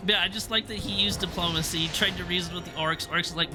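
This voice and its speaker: A man's voice: high voice, fairly even intonation, quick pace, music in the background. A young man chatting casually on a live stream, reviewing a TV episode in a rambling, laughing way. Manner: rambling, self-interrupting, laughs often.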